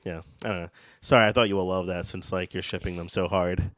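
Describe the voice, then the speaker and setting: In a fast, low voice with a slightly bright edge and fairly even intonation, this podcast co-host chats loosely about a TV episode. There's no echo on the recording. His delivery is halting, full of fillers, restarts, and sentences that fade out.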